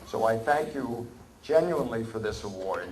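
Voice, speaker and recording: A man's voice: medium pitch, expressive, darkish tone, a little hiss or hum, low-quality recording. Earnest man giving a thank-you speech. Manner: earnest and measured. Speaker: award honoree. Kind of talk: acceptance speech. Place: banquet hall.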